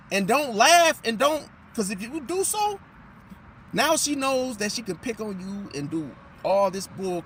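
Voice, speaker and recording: A man giving an animated, emphatic astrology monologue and losing his voice. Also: high-pitched, slight background noise. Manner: animated, emphatic, repeats "see?"; drops into mocking impressions of others. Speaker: astrology commentator. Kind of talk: casual monologue.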